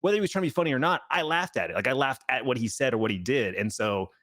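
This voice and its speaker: Fast-talking man in casual podcast chat. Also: mid-range voice, animated, a bit bright. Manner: fast, filler-heavy, swearing. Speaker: podcast co-host.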